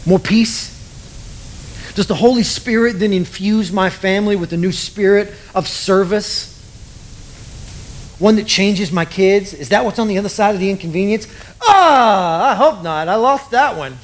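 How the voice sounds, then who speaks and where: High-voiced man preaching casually. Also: a little slow. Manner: casual, joking, acts out quoted voices. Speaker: pastor. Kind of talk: sermon.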